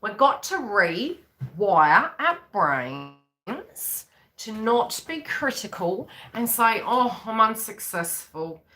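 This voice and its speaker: A woman's voice: medium pitch, big pitch swings, drawn-out words, sharp tone. A woman psychic reader on a live stream, chatting in a rambling way and acting out the voices she quotes.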